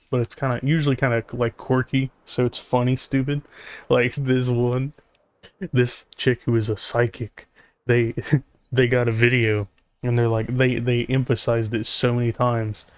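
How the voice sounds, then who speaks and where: A man's voice: medium pitch, little pitch movement, normal speed, smooth, no echo. Rambling man talking casually over gameplay. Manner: rambling, full of fillers and sarcastic jokes. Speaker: gaming YouTuber.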